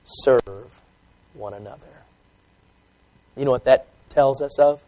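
A man preaching a sermon, swinging from loud, emphatic preaching to soft, quiet asides and often repeating words as he restarts. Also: mid-range voice, low-quality recording. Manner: repeats phrases with stumbles and restarts. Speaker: pastor. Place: church.

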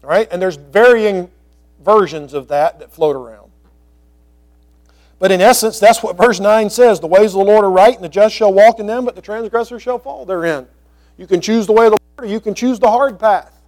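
Verse by verse, a pastor leads his listeners through scripture, reading the old words slowly before adding fast, casual explanations. He is a man whose voice is high and darkish in tone.

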